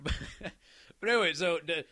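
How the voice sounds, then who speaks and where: A man tells a rambling, animated story in a casual chat. His voice is bright and sits a little high. He slips into quick impressions of the people in it, and the sound is close and dry. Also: no echo. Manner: animated, acts out quoted people.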